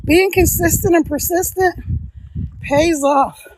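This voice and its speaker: High-voiced chatty woman, slightly out of breath. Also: slow pace, darkish tone, no room sound. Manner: chatty, laughs often, talks straight to viewers. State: out of breath from walking uphill. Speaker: live streamer and online business coach. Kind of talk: casual livestream chat while walking. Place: outdoors on a hill.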